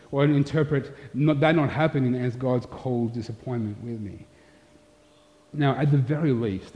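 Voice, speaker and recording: A man's voice: a little high, mellow. A pastor giving a sermon, telling a candid, self-deprecating story from his own life. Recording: long hall reverb, dull sound.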